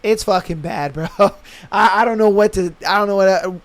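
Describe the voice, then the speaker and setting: A man's voice: high-pitched, fairly quick. A young man hosting a podcast, ranting bluntly in casual slang and profanity, often acting out what others say. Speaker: podcast host. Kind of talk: casual opinion rant.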